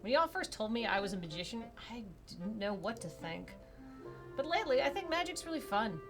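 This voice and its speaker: A woman's voice: on the high side, big pitch swings, a little fast, over music. A woman voicing an earnest young female apprentice magician, speaking sincerely and hopefully.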